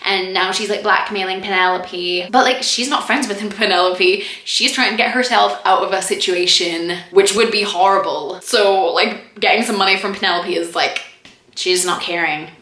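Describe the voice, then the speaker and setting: A young woman chatting casually as she reviews a TV series, full of "like" and quick laughs. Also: mid-range voice, sharp tone. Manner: chatty, lots of "like", quick laughs and mock quotes. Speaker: TV review vlogger. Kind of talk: casual review chat to camera. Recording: echoey room.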